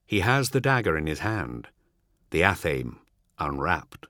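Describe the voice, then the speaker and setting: A man giving a measured, dramatic audiobook narration. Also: low-pitched, big pitch swings, fairly bright tone, no echo, studio quality.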